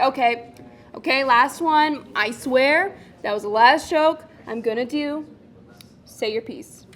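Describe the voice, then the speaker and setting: Brief: high-pitched woman, teasing co-host, playful comedic banter. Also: takes it slowly, fairly bright tone.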